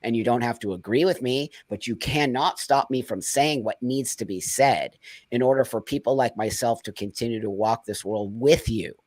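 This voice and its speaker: A man's voice: mid-range voice, moderate pace, a little mellow, no room sound. A man speaking as an interview guest, blunt and passionate, sometimes close to tears. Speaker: guest activist. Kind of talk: emotional interview talk.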